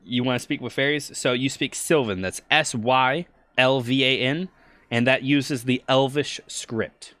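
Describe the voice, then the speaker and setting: A man's voice: medium pitch, measured pace, a bit bright, no room sound. Laughing casual male game master. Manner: laughing often, rambling, reads chat aloud. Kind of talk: casual tabletop game stream.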